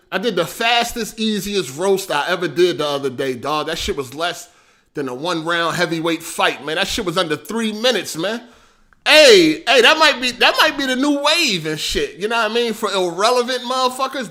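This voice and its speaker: A man hosting a casual livestream, animated and slangy, laughing often and swearing freely. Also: high-pitched. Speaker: livestream host.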